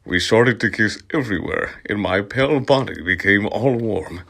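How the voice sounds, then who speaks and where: A channel host gives an amused, comic ASMR reading of fan fiction, pausing to laugh and comment and sometimes dropping into soft whispers. His voice is lowish, animated and creaky, at a moderate pace.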